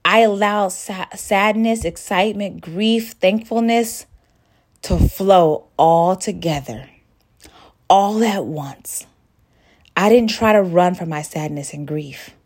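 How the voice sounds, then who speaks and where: A woman hosting a podcast, who talks straight to her listener in a warm, sisterly way and shares her feelings openly. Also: mid-range voice, takes it slowly. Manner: emotive, sisterly, addresses listener directly. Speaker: podcast host. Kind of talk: personal motivational monologue.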